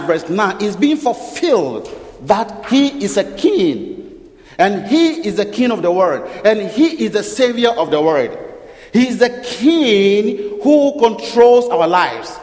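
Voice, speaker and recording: High-pitched guy preaching, lots of rhetorical questions and repeats, big echoey church hall. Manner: rhetorical questions, repeats phrases, corrects himself. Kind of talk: sermon. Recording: long reverb of a large hall.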